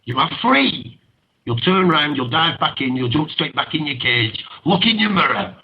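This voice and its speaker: A man's voice: on the high side, lively intonation, normal speed. Passionate man ranting on radio. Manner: passionate, ranting, laughs often. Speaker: radio show host. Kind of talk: impassioned talk radio monologue. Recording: muffled lo-fi internet radio.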